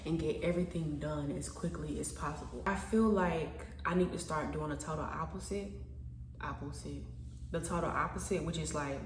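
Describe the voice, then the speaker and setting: A woman with a low voice talks straight to her camera, rambling and thinking aloud as she questions herself. She stumbles and repeats words, a little self-conscious. The room is echoey, with a faint hum underneath. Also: far from the mic. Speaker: vlogger. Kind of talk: casual reflective monologue to camera.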